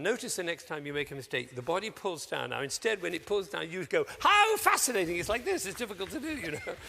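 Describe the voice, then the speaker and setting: With a big-room sound, this man gives a theatrical, animated talk to teachers, abruptly switching to high voices to act out those he quotes.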